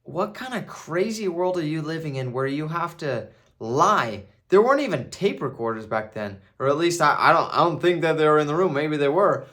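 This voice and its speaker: A man reviews a film in a loose, conversational way. He often restarts his sentences and checks in with the listener, and his voice sits on the higher side for a man. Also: expressive, normal speed, fairly bright tone. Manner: conversational, repeats himself, tags "right?". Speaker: movie reviewer. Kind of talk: casual video commentary.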